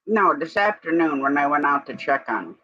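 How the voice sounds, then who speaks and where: A woman's voice: sits low, big pitch swings, a little fast, bright, forceful tone, no room sound. A woman co-hosting a live stream in a casual, rambling chat, breaking off now and then to give commands to her dog. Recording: dull lo-fi stream audio.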